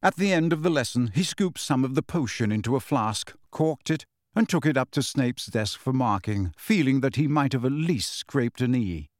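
A man narrates a novel as a scripted audiobook, at a mid pitch and an even, measured pace. The recording is dry, with no room sound. He sounds like a storyteller reading steadily. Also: dry recording.

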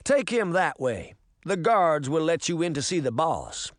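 A man voicing a brash, joking woman bartender in a raised, bright voice. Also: a little high, big pitch swings, a little slow, no echo, studio quality. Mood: teasing.

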